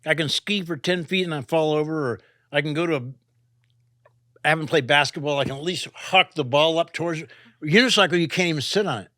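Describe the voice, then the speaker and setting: A man's voice: fairly high pitch, a little fast, pushed and bright, no echo, studio quality. An older man, a climber and author, talking casually in an interview, rambling with restarts and asking "right?" a lot. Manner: rambling, restarts, frequent "right?" and "you know".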